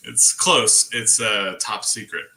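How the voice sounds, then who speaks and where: A man's voice: lowish voice, takes it slowly, gravelly, sharp tone. A man co-hosting a casual livestream, chatting in a rambling way and laughing easily. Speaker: livestream co-host. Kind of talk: casual chat.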